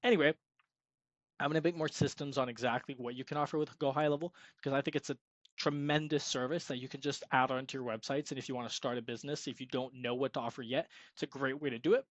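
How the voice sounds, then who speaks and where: A man's voice: medium pitch, steady tone, fast talker, dry recording, highs cut off. A young man giving an upbeat, salesy screen-share tutorial on freelance web design, sometimes acting out sample sales calls. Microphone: screen-recording mic.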